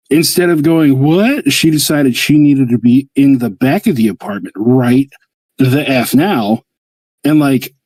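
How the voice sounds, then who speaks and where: On a low-quality, dry recording, the male host of a hobby livestream tells a long story in casual chat. He's animated, acting out quotes with big jumps in pitch.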